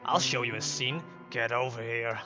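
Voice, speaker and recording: A man voicing a stern, gruff older father in a game, with a deep, growling voice. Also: moderate pace, sharp tone, highs cut off, faint music behind. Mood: angry.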